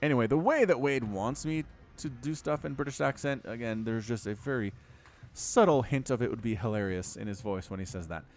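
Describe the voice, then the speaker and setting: A young man casting a strategy game, chatty and animated, jumping up sharply when the action heats up. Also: medium pitch, brisk, faint music behind. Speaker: game caster. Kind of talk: game commentary.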